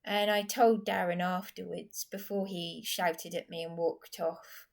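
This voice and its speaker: A woman's voice: on the low side, steady tone, unhurried, vocal fry. A woman, recounting a story in a rambling, agitated personal vlog. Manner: agitated, rambling retelling with restarts. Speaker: vlogger.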